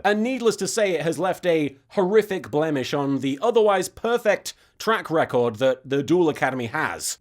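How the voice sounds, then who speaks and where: British man, high voice, sarcastic, mock-serious, comedy recap host. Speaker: web series host. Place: standing in front of a green screen.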